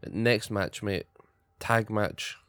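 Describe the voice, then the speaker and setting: A man's voice: lowish voice, fairly even intonation, drawn-out words, a bit bright, smooth, no room sound, studio quality. A young Scottish man in casual, blunt, sweary podcast chat giving his opinions as co-host.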